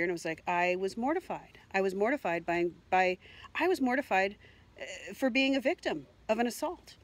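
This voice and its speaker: A woman's voice: mid-range voice, animated, normal speed. Upset lady rambling through a personal story on her vlog, lots of ums and repeats. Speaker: vlogger.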